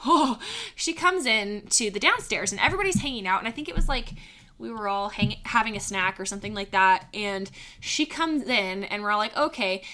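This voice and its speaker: A woman co-hosting a podcast, telling animated stories with frequent laughs and acted-out shrieks. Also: medium pitch, normal speed. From Pacific Northwest. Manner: animated storyteller, acts out shrieks and laughs often. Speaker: podcast co-host. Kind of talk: casual storytelling chat.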